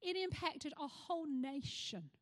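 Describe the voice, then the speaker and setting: High-voiced Australian woman pastor preaching. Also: lively intonation, unhurried. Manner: passionate preaching, rising to fervent cries. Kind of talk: sermon.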